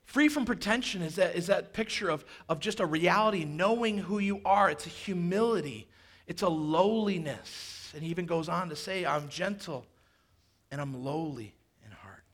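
Male pastor, sermon delivery, animated and joking, a fairly high voice. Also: normal speed. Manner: animated, jokey asides, acts out quoted voices.

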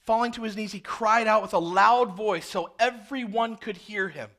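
A man preaching a sermon, dramatic, swinging from hushed, slow passages to loud, intense ones. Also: sits high.

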